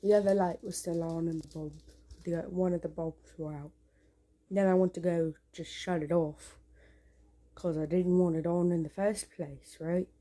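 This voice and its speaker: A woman vlogging from a dark room at home, rambling with frequent restarts, jumpy and swearing often. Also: fairly low pitch, fairly even intonation, moderate pace. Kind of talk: casual home vlog.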